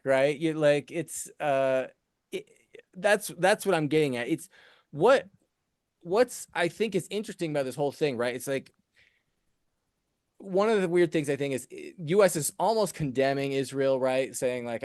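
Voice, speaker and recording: A man's voice: on the high side, expressive, normal speed, a little mellow, no echo, studio quality. A middle-aged man co-hosting a casual podcast discussion, rambling with many restarts and hedges. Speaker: co-host.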